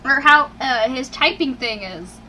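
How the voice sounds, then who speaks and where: A woman's voice: sits high, expressive, unhurried, sharp tone, slight background noise. A woman co-hosting a casual chat, talking in a hyper, giggly way. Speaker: co-host.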